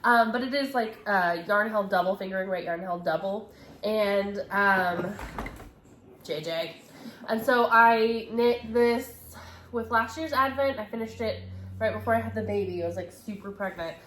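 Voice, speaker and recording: A woman's voice: medium pitch, normal speed, a bit bright, a little hiss or hum. A young woman co-hosting a podcast, chatting casually and rambling a bit with fillers, sounding congested. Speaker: podcast co-host. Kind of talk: casual chat. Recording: roomy home recording.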